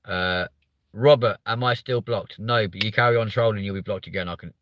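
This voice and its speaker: A man's voice: lowish voice, a little fast, fairly bright tone, a little hiss or hum. A man from England hosting a live stream, chatting bluntly and swearing often while reading out viewer comments. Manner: blunt, sweary, reads chat aloud. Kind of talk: casual live stream chat.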